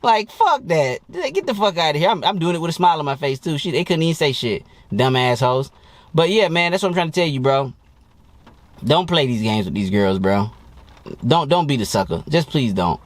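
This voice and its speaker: A dating coach talking to camera in a blunt, profane and boastful way, in a casual monologue. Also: male voice, medium pitch, fairly quick, no room sound.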